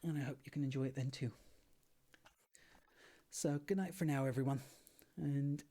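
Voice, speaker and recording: A man reading a novel aloud on a stream in a relaxed, friendly, soft ASMR style. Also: medium pitch, moderate pace.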